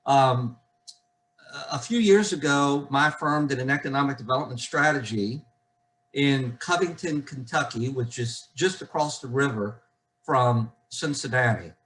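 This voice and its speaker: A man in his sixties from the Southern US with a Southern accent, giving a keynote talk over a video call in a measured way with frequent fillers. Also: mid-range voice, a bit bright, poor audio. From Southern United States. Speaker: keynote speaker. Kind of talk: virtual keynote speech.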